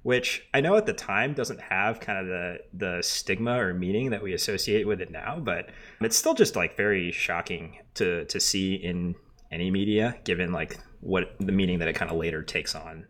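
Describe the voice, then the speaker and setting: A man's voice: low-pitched, animated, normal speed, fairly bright tone. Rambling man co-hosting a podcast. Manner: loose and rambling, lots of fillers and restarts. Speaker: podcast co-host. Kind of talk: casual chat about a TV show.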